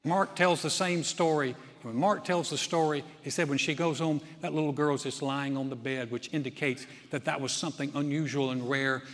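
Pastor, male, higher-pitched, dynamic sermon delivery, big church reverb. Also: fairly even intonation, moderate pace, few pauses. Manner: dynamic preaching, surges loud then drops soft. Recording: long hall reverb.

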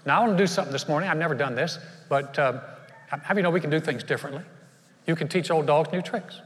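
A man's voice: on the high side, fast. A male pastor preaching a sermon in an earnest, conversational way, speaking straight to his congregation with questions. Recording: long reverb of a large church hall.

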